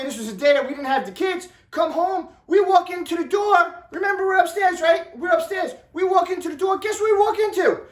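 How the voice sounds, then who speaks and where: A middle-aged man telling an animated vlog story, excitable and repeating himself as he acts out what people said. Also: very high-pitched. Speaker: vlogger. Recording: echoey room, distant from mic.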